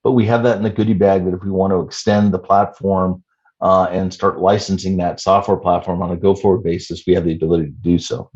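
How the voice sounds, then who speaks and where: A man in his fifties, a startup CEO answering interview questions in a measured way with many "you know" fillers. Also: deep voice, level tone, darkish tone, highs cut off. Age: 50s.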